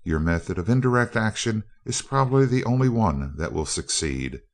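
A man reading a cold male scientist villain in a spoken story. He speaks in a very deep voice, with a cool, even, clipped delivery. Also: normal speed. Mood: coldly calm. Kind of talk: audiobook character voice.

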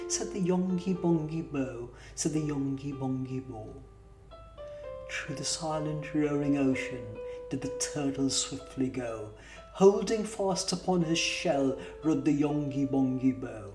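Slow, lilting woman reading verse. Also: a bass voice. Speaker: reader. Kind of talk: poetry reading. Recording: roomy distant mic with guitar music.

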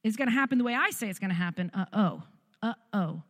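A woman's voice: fairly high pitch, animated, very fast, a bit bright, in a large hall. A middle-aged woman giving a personal testimony, telling her story candidly and poking fun at herself. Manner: candid, self-mocking storytelling. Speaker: speaker sharing testimony.

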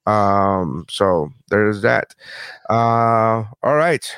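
A man's voice: fairly low pitch, drawn-out words, fairly bright tone, smooth, no echo, studio quality. A man hosting a casual podcast, rambling and joking with lots of swearing. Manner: profane, rambling, joking rants. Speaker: podcast host.

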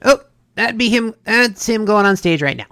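A storyteller voicing a male bartender in an undersea bar, speaking in loud, blustery sailor talk. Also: mid-range voice, lively intonation, moderate pace, no room sound, clean studio sound, voice pushed up. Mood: helpful.

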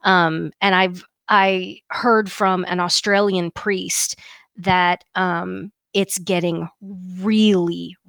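A middle-aged woman co-hosting a chatty podcast, her voice sitting a bit low. She talks in animated bursts, restarting sentences and laughing often. The recording is dry and close. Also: vocal fry, no echo. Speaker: podcast co-host. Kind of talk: casual chat.

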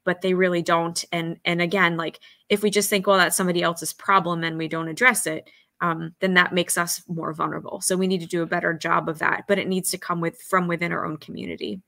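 A woman's voice: on the low side, little pitch movement, a little fast, vocal fry, sharp tone, no echo. A woman talking earnestly in a casual podcast conversation, acting out quoted dialogue as she talks about suicide prevention training.

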